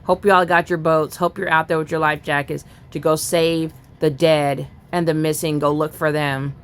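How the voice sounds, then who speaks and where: A woman's voice: sits low, level tone, normal speed, clean tone. A woman angrily reading news aloud and ranting about it in a profane political vlog commentary. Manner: furious, profane, reads news aloud then rants.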